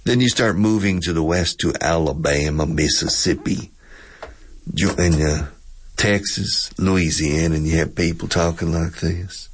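A man's voice: sits low, a little slow, breathy edge. A man teaching English on the radio, who explains pronunciation and repeats words to demonstrate them.

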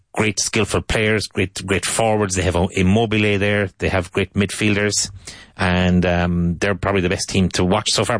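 A very low-pitched man teaches English over the radio in a loose, chatty way, wandering off topic and restarting his sentences. He drills each vocabulary word slowly, several times over. The voice is close and dry, with no room sound. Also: a bit bright, no echo. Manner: rambling and chatty, with frequent restarts; slow, repeated drilling of vocabulary words. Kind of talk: casual radio English lesson.

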